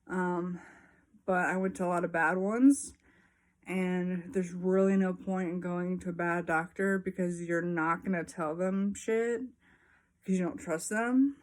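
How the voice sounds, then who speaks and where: A young woman talking frankly to her viewers in a casual vlog, with frequent pauses and ums. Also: lowish voice, steady tone. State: a little out of breath. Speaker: vlogger. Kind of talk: casual personal talk to camera.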